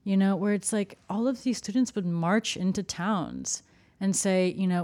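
A woman journalist in casual conversation, talking in an animated way with quick asides. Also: medium pitch. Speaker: journalist, co-host.

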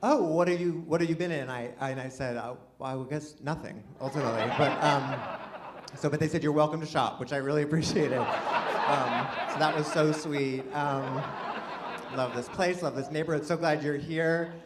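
A man doing a rambling, self-deprecating stand-up comedy set with excited outbursts, before a live audience. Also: medium pitch, normal speed, very noisy.

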